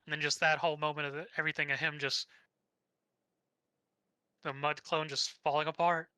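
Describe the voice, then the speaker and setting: Young man, podcast co-host, rambling recap, casual swearing, bright tone, slightly high voice. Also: little pitch movement, a little fast, clean tone, no room sound, low-quality recording. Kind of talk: casual anime recap chat.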